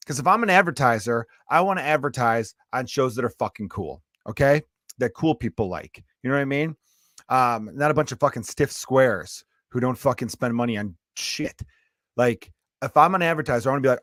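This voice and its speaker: A man's voice: medium pitch, expressive, brisk, fairly bright tone, no echo, studio quality. Swearing comedian man with a lingering cough. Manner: blunt, self-mocking, swearing freely. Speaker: podcast host and stand-up comedian. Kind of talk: casual profane rant.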